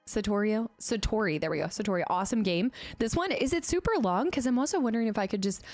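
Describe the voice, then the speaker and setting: A woman streamer chatting casually on a live stream, excitable and giggly, cooing to her cat at her home desk. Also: mid-range voice, quick pace, no room sound. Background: faint film music.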